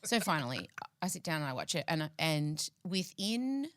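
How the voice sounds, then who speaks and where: A woman, co-hosting a podcast and telling a story in a casual, animated way, laughing often and acting out what people said. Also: low-pitched, moderate pace. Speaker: podcast co-host.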